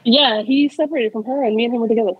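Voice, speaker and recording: A young woman tells her story in a loose, chatty way, with a husky and fairly high voice. The recording sounds dull and dry. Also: rapid-fire, no echo. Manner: chatty, laughs often, fillers like "like" and "I'm like". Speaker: interview guest. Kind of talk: casual storytelling interview.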